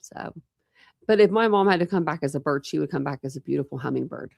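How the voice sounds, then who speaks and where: Woman, livestream host, rambling casual chat, gravelly fry, dry close sound. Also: deep voice, lively intonation, fast talker, a little mellow, no room sound. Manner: rambling and chatty, with many fillers and restarts. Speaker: true crime livestream host.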